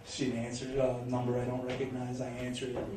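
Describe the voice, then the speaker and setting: A man's voice: medium pitch, monotone, brisk, mellow. A young man doing stand-up, telling a rambling story full of swearing and laughing through his punchlines. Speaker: stand-up comedian. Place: comedy club stage. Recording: roomy, distant mic, audience noise. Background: audience in a club.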